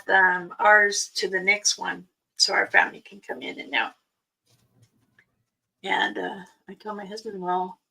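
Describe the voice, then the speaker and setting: A middle-aged woman hosts a livestream and spins stories in a relaxed, unhurried chat, acting out the voices of the people in them with a laugh never far away. Her tone is bright and sharp, and she sits back from the mic, so she sounds a little distant. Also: medium pitch, vocal fry. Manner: animated, acts out quoted dialogue, laughs often. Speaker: livestream host. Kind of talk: casual storytelling chat.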